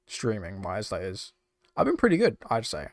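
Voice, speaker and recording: A man's voice: lowish voice, wildly swooping pitch, normal speed, no echo, clean studio sound. A young British man chatting casually on a live stream, laughing often and swearing freely as he reacts to chat. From United Kingdom. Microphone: desk microphone.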